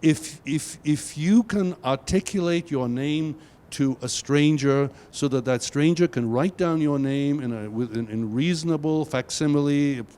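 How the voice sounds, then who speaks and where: A man's voice: on the high side, measured pace, dark tone. An older man presenting a university workshop, speaking with emphatic stammering restarts. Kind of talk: workshop teaching.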